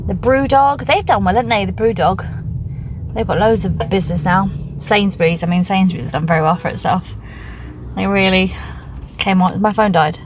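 A woman's voice: mid-range voice, moderate pace. A woman of thirty-eight, a stand-up comedian talking in a chatty, self-mocking vlog style. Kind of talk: casual vlog-style monologue. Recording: noisy background.

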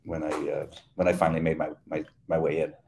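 Middle-aged man co-host, low voice, quick, halting and full of restarts. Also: completely flat delivery, vocal fry, a little mellow, slight background noise. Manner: halting, with frequent uh fillers and repeated words. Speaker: podcast co-host. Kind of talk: casual chat.

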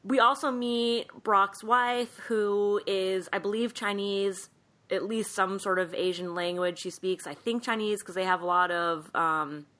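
Podcast co-host, woman, bright forceful voice, chatty animated recapper. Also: medium pitch, measured pace. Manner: animated storytelling, acts out quoted lines. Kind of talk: casual movie recap.

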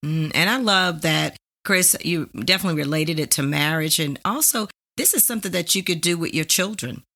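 A woman's voice: deep voice, lively intonation, a little fast, bright, forceful tone. A woman hosting a faith-based couples podcast, explaining a simple tool step by step. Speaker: podcast host.

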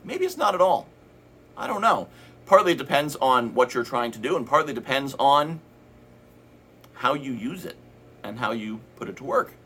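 Bright husky man giving a pep talk. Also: medium pitch. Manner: earnest, conversational, acts out inner voices. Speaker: team leader giving an update. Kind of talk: motivational team talk.

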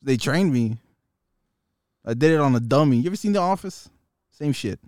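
A man's voice: medium pitch, lively intonation, normal speed, a little mellow, dry recording, studio quality. A man in casual chat, bantering, laughing and swearing with a friend.

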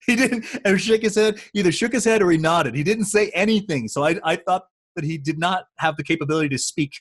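A man's voice: high-pitched, quick pace, dry recording, studio quality. A man co-hosting a podcast, telling backstage stories in casual chat and acting out the lines he quotes. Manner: animated storyteller, acts out quoted lines. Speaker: podcast co-host.

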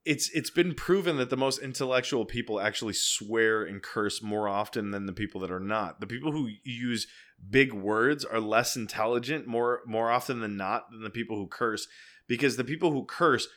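Dude with a bright edgy voice, stumbles on restarts, explaining stuff in a chill chat. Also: male voice, mid-range voice, moderate pace. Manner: explains by breaking things down, stammers on restarts. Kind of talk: casual chat.

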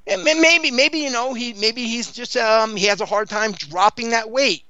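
A man's voice: extremely high pitch, normal speed, pushed and bright, dry recording, dull audio. A man hosting a boxing talk show, rambling casually with many fillers and restarts.

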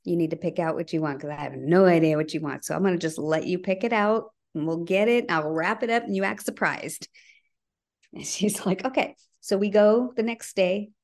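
A middle-aged woman, a podcast guest, telling a personal family story earnestly and acting out the dialogue, her voice sinking low at the heavy parts. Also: brisk, a little mellow. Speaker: podcast guest, bereaved mother.

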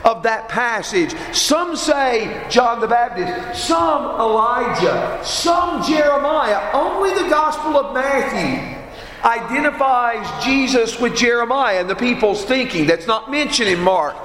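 High-voiced preacher in an echoing hall. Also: male voice, lively intonation, fairly bright tone, slight background noise. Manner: measured, emphatic teaching with repeated rhetorical questions. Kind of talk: sermon. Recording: echoey hall with long reverb.

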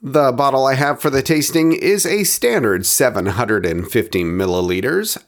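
A man hosting a podcast, describing a bottle and tasting it in a measured, descriptive way, with quieter asides as he handles it. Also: medium pitch, very animated, gravelly. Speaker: podcast host reviewing spirits. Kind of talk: scripted review narration.

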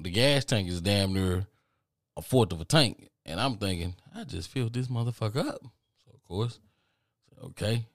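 A man hosting a podcast, telling a rambling, profane story in a casual, animated way. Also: lowish voice, no room sound, clean studio sound. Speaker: podcast host.

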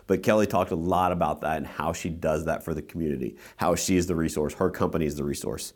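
A man with a very low voice chats casually on a podcast, recounting a conference with easy enthusiasm. He talks loosely and circles back often, leaning on fillers as he goes. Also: fairly even intonation, fast. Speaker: podcast co-host.

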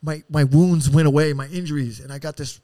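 A man telling rough stories as a podcast guest, casual and full of swearing, rambling and acting out what people said. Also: a little high, steady tone, a little fast, mellow, no room sound, clean studio sound. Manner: profane, rambling, acts out quotes. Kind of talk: casual storytelling.

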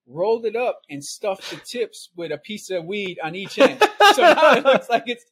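A middle-aged podcast guest tells a sprawling story conversationally, laughing often and tagging his lines with "right?" and "man." His high-pitched voice is a bit bright and husky, with lively intonation at a moderate pace.

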